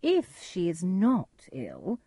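A woman's voice: on the low side, wildly swooping pitch, very slow, mellow, breathy edge, no echo, clean studio sound, full character voice. A woman doing a sly, scheming princess.

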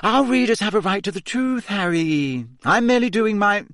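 A man's voice: high-pitched, expressive, normal speed, a bit bright, dry recording, studio quality, voice pushed up. Rita Skeeter, a sly gossip reporter, as a male reader puts her on. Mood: gushing. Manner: sugary, then cold and cutting.

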